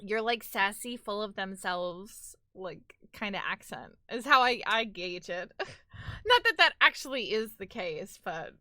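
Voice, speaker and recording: A woman's voice: medium pitch, lively intonation, a little slow, bright, forceful tone, no echo, studio quality. A woman with a New York accent chatting casually on a live stream, rambling and filling her talk with "like".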